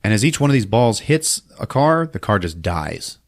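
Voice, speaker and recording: A man's voice: on the low side, very animated, normal speed, no echo, clean studio sound. A man hosting a podcast, giving a casual, profane, laughing recap of a film and acting out scenes. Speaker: podcast host.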